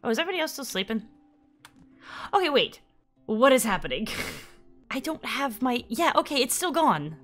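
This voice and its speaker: A woman's voice: sits high, big pitch swings, normal speed, pauses often, fairly bright tone, soft background music. A woman casually commenting while playing a video game, giggly and chatty, often confused. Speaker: gaming YouTuber. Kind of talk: casual let's play commentary.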